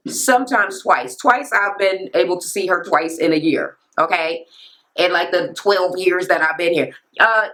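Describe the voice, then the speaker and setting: A woman in her thirties hosting a reality TV recap, ranting casually with lots of profanity and sass. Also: on the high side. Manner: profane, sassy, animated ranting. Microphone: camera mic.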